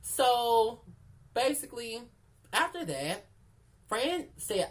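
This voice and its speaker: A woman with a fairly low voice tells a story in a loose storytime vlog. She is blunt and profane, leans on the listener with "girl", and repeats lines for emphasis. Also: lively intonation, brisk. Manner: candid, profane, keeps calling the listener "girl". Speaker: storyteller vlogger. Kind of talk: casual storytime chat.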